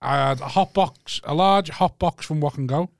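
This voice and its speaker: A man's voice: a little high, moderate pace, gravelly, no room sound, clean studio sound. A man with a Scouse accent from Liverpool, a comedian trading brash, sweary banter in casual chat.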